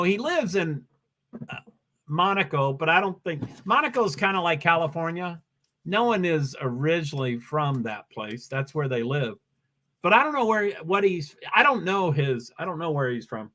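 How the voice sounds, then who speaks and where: A man's voice: fairly high pitch, expressive, moderate pace, sharp tone. A man hosting a live stream, giving casual commentary on a race and chatting with viewers in a rambling, self-interrupting way. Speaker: livestream host.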